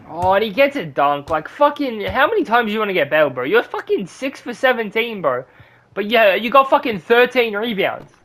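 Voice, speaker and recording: A young man ranting his way through a basketball video game on stream, cursing freely and tossing low mumbled asides to his chat. His pitch swings widely between grumbles and outbursts. A faint hiss sits behind his voice. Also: fairly bright tone. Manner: profane, frustrated ranting at the game. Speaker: gaming streamer. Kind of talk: live gameplay commentary to chat.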